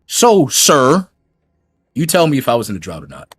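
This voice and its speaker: A man's voice: medium pitch, huge pitch swings, rapid-fire, darkish tone, breathy edge. A man ranting on his gaming channel in a mocking, combative way as he reacts to a critic's clip. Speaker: YouTube gaming commentator. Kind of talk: reaction rant.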